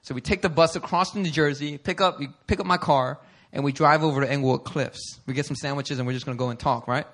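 Bright, animated male preacher. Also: a little high, quick pace. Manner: animated, conversational, laughs often. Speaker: pastor. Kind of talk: storytelling sermon. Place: church service before a congregation.

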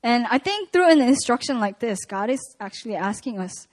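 High-voiced woman preaching conversationally. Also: fairly quick. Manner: conversational, animated retelling of scripture. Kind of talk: sermon at a prayer meeting.

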